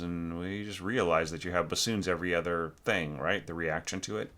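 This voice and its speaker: A man teaching orchestration, giving a relaxed score critique full of fillers and self-corrections, now and then singing phrases on nonsense syllables. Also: low voice, fairly quick, few pauses. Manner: relaxed, thinks aloud, sings phrases with syllables.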